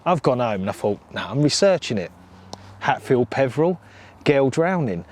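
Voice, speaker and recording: A man, a carp angler, telling a ghost story in a casual, lively way and acting out the voices of the people he quotes. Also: mid-range voice, moderate pace, a little hiss or hum. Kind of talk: casual anecdote. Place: outdoors by a lake.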